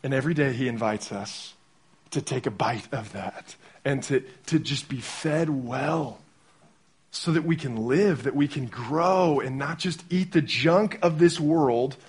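A young man delivering a sermon as pastor in a conversational, animated way, acting out little quotes as he goes. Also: medium pitch, a little slow, slightly rough.

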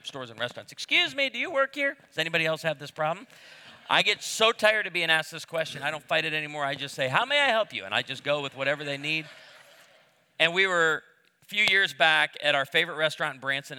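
A man's voice: medium pitch, smooth. A man in his fifties preaching a sermon, telling humorous stories and acting out the voices of the people in them. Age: 50s. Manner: animated storyteller, acts out voices. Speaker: pastor. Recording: long hall reverb.

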